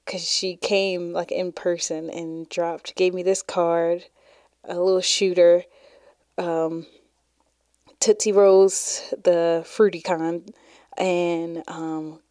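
A woman's voice: on the low side, mellow, no room sound, studio quality. A woman hosting her own podcast, talking casually and laughing often as she shares stories. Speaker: podcast host. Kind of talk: casual solo podcast chat.

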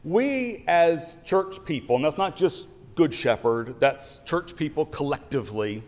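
A man giving a sermon as pastor, telling an animated story with wry asides. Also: a little high. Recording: long church reverb.

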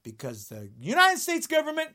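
A man in his sixties delivering an angry rant to camera, indignant and sarcastic, swinging between shouted jabs and low muttering. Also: wildly swooping pitch, moderate pace. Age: 60s. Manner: mocking sarcasm. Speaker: vlogger.

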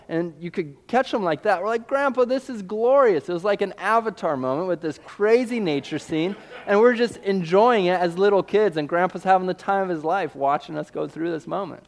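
A man from Missouri delivers a storytelling sermon in a slightly higher voice. He talks in a lively, animated way and acts out sound effects as he goes.

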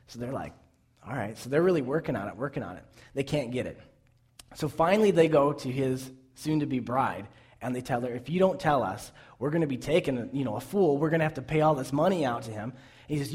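Animated man retelling a Bible story. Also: mid-range voice, fairly quick. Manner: animated storytelling, acting out the characters' lines.

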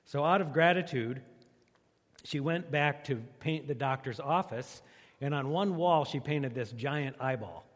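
A man's voice: on the high side, unhurried, long reverb tail. Joking, conversational man preaching. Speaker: pastor. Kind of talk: sermon.

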